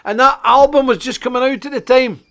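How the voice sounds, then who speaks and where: A man's voice: very high voice, fairly even intonation, a little fast, sharp tone. A middle-aged Scottish man hosting a live online show, ranting indignantly with sarcastic asides. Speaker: host.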